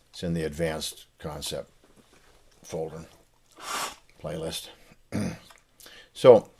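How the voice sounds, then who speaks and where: An older man explaining musical phrasing in a relaxed spoken lesson, pausing with fillers as he thinks aloud. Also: low voice. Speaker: saxophone teacher and author. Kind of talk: casual spoken lesson to camera.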